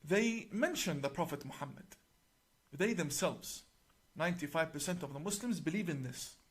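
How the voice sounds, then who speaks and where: A middle-aged male imam with a somewhat raised speaking pitch explains a religious book to camera. He talks in a deliberate, emphatic way and slows down to stress key words. He also recites passages in Arabic. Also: lively intonation, slightly rough.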